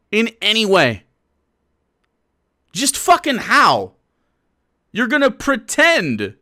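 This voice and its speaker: A man's voice: high voice, a bit bright, no echo, studio quality. A male streamer giving heated, sarcastic reaction commentary, swearing and mocking others.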